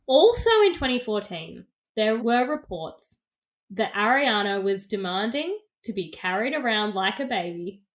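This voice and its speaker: A woman's voice: medium pitch, expressive, unhurried. A woman co-hosting a podcast, telling gossip stories in casual chat and laughing often. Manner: chatty storyteller, laughs often. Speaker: podcast co-host.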